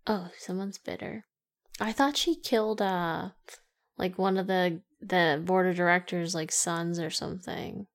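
A woman co-hosting a casual movie-review podcast, teasing her co-host with dry, deadpan remarks. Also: on the low side, measured pace.

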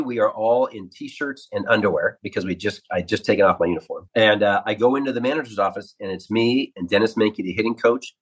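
Husky-voiced man telling baseball stories. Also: on the low side, low-quality recording. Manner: animated anecdotes, acts out quotes. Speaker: former ballplayer, radio analyst. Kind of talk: storytelling interview.

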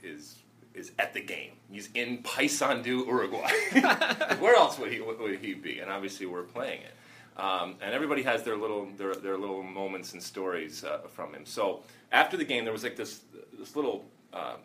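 A former soccer player telling a story in casual chat, halting with fillers and restarts. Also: male voice, low-pitched, expressive, bright, forceful tone, slight background noise. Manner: rambling, halting anecdotes with many fillers and restarts.

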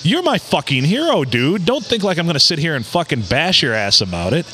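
A man co-hosting a podcast in casual, profane banter while fighting a cold, swinging between excited outbursts and low mutters. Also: brisk, slight background noise. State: has a cold. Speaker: podcast co-host. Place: bar.

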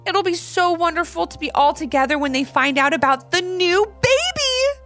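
A woman reads as a joyful mother in a storybook, whispering with giddy excitement. Her voice jumps up high and swings widely while staying hushed. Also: normal speed, soft background music.

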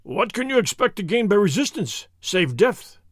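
Guy doing a loud blustery sergeant, bossy and gruff, dry up-close sound. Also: high voice, very animated, moderate pace, no room sound, voice pushed up. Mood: blustering. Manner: loud, commanding.

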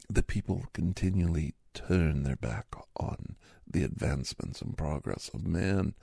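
A man doing a satirical character monologue in a sarcastic, mock-cheerful, rambling way with hushed asides. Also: deep voice, gravelly, husky, dry recording.

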